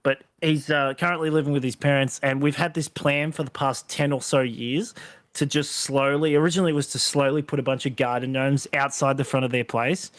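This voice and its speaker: A man's voice: mid-range voice, fairly even intonation, fairly quick. A man co-hosting a casual podcast, telling rambling stories and laughing often. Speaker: podcast co-host. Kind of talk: casual chat.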